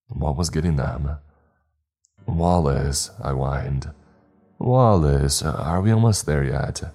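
A man narrating a scripted first-person horror story in a measured, deliberate way. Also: very deep voice, warm tone.

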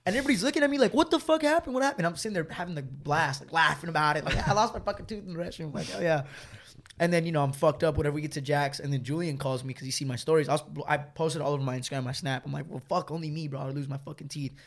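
A young man rattles through a story among friends at a quick clip, his voice sitting a little high for a man. He talks in loose casual chat, swearing freely and padding his lines with filler words. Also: fairly even intonation, a bit bright.

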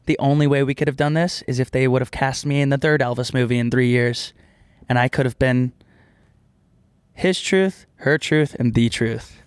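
A man's voice: mid-range voice, moderate pace, clean tone, no echo. A young adult man co-hosting a podcast, casual, with joking, playful banter. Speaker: podcast co-host. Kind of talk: casual chat.

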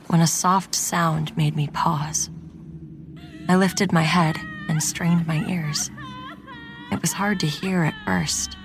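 A woman narrating a first-person horror story in a tense, scripted storytelling manner. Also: lowish voice. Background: music.

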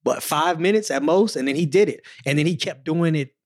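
A man in his forties, a former sprinter, telling his story in a casual podcast chat, slangy and animated, acting out the moments. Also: a little high, a little fast.

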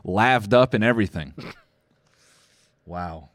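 A man's voice: fairly low pitch, slow, no echo. A man hosting a comedic podcast, rambling sarcastically and laughing often between jokes. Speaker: podcast host. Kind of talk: casual comedic podcast chat.

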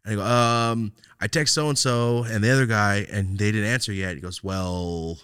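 A young man hosting a podcast, telling a long story in casual, profane chat and jumping into loud quoted outbursts. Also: lowish voice, normal speed, hardly any pauses, clean tone, dry recording, clean studio sound. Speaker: podcast host.

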